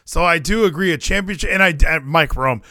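Excitable guy ranting on a chat show, kinda high bright voice, dry close mic. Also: no echo. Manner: excitable, quick rants with laughs. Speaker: podcast co-host. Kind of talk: casual chat.

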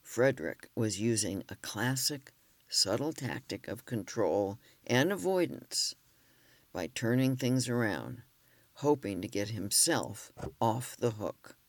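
Gentle man reading self-help narration. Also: lowish voice, big pitch swings, dry recording. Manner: gentle, measured storytelling. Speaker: relationship counselor and author.

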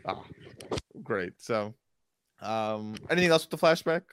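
A man's voice: lowish voice, animated, a little slow, background noise. Rambling man recapping a TV show. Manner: rambling, self-interrupting, enthusiastic. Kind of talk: casual TV recap chat.

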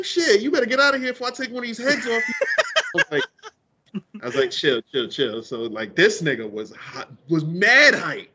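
A man's voice: high voice, wildly swooping pitch, a little fast, bright, forceful tone, slightly rough. A man on a casual podcast, telling a story and acting out every line of dialogue, with heavy slang and cursing, recorded in dull lo-fi audio. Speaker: podcast co-host.

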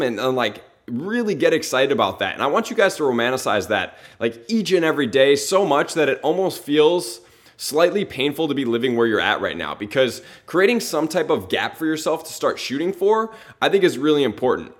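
Male motivational podcast host, earnest and conversational, stacks rhetorical questions, mid-pitched voice. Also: very animated, fairly quick.

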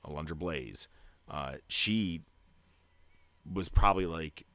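A man with a very low voice talks in a loose, rambling way, heavy on fillers. He speaks close to the mic in a dry, dead room. He sounds like a podcast host chatting casually. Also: takes it slowly, no echo. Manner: grows loud and hyped toward a segment tease. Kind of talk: casual chat.

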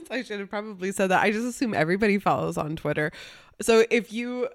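A woman hosts a casual podcast. She talks in a bubbly, chatty way and laughs easily. She is recorded over a remote call. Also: mid-range voice. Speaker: podcast host. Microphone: remote call mic.

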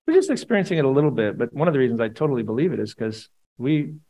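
A man preaching a sermon to his congregation, conversational and animated, with playful asides. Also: medium pitch, rapid-fire, rough recording. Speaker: pastor.

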